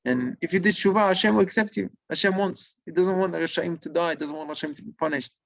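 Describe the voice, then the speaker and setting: A man telling a religious story in sermon style, animated and acting out the figures. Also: high-pitched, quick pace, vocal fry, no room sound, low-quality recording. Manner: animated, acts out the figures, mixes in Hebrew terms.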